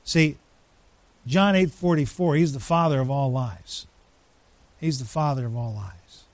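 A man preaching a sermon, emphatic, with dramatic pauses, rising lines and sudden drops to a hush. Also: medium pitch, no room sound. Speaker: pastor.

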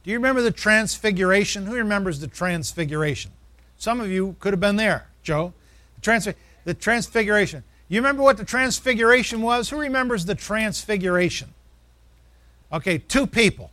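A man with a notably high voice preaches to his congregation. He reads scripture in a slow, deliberate way and asks the room questions. The sound is dry and close, with no room echo. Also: lively intonation, sharp tone. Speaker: pastor. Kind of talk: sermon.

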